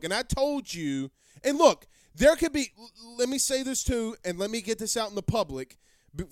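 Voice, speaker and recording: A man's voice: sits high, clear, resonant tone, no room sound, clean studio sound. A man hosting a live sports talk show, brash and rambling, repeating himself as he answers viewer comments.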